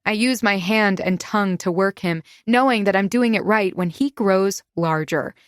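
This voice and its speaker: A woman reads a first-person romance novel aloud, close and confiding, in a mid-pitched voice. The sound is dry and near the microphone, with no room around it. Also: normal speed, clear, resonant tone, no room sound. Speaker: audiobook narrator.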